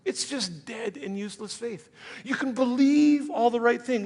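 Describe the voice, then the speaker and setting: Man, pastor, sermon, high voice, conversational preaching, long church reverb. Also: gravelly, a little mellow. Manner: conversational preaching, acting out imagined listeners in quick asides. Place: church sanctuary.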